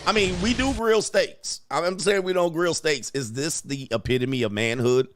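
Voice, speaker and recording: A man hosting a casual reaction commentary, loud and mocking, full of slang and laughter. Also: fairly high pitch, moderate pace, no room sound, studio quality. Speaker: commentary host.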